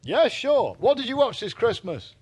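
A man's voice: very high-pitched, very animated, normal speed, darkish tone, breathy edge. A man co-hosting a comic casual chat, full of playful, teasing banter.

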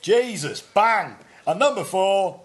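Excitable high-voiced man. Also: takes it slowly. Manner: excitable, jokey, riffing. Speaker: co-host. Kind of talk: casual comedy banter.

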